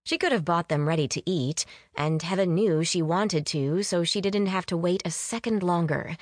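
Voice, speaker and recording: A woman reading a story aloud as an audiobook narrator, with expressive delivery. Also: fairly low pitch, no echo, studio quality. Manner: expressive reading, voices characters with lively lift. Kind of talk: scripted narration.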